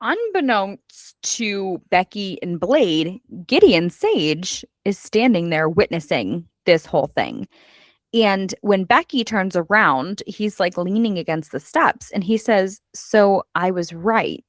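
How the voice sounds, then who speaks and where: A woman's voice: medium pitch, slow pace, no room sound, clean studio sound. A woman hosting a book club podcast, chatting casually and acting out characters' lines with frequent swearing. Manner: animated, swears freely, acts out characters' lines. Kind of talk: casual chat recapping a book.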